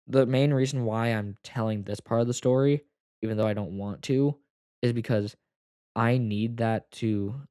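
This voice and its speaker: A young man telling a personal story to the camera, halting and full of fillers, close to tears at times. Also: fairly low pitch, a little mellow, no echo. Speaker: vlogger.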